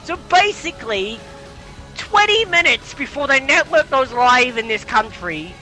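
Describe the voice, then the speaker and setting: A British man hosting a comedy show, swearing and ranting in exasperation with sudden shouts. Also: extremely high pitch, expressive, unhurried, faint music behind, low-quality recording. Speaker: host. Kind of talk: comedic rant.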